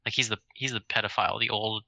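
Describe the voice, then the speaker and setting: A man co-hosting a podcast, laid-back and giggly, often halting mid-sentence. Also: fairly low pitch, fairly even intonation, creaky, bright, forceful tone, dry recording. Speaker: podcast co-host. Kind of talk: casual podcast chat.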